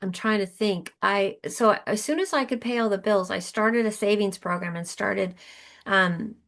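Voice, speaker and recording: A woman's voice: medium pitch, normal speed, a bit bright. A middle-aged woman, a podcast guest, telling her story in an earnest, emotional way with frequent restarts. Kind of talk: conversational storytelling.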